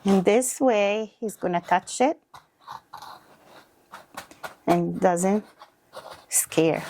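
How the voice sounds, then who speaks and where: A woman teacher showing a toddler play activity, speaking in slow, simple, encouraging words. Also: medium pitch, mellow, slight background noise. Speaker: early childhood teacher.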